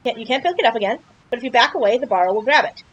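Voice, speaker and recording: High, lively-voiced woman narrating a playthrough. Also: very fast, muffled recording, a little hiss or hum. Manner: chatty, playful, jokey, exclaims at surprises. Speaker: video game streamer. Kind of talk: casual game playthrough commentary.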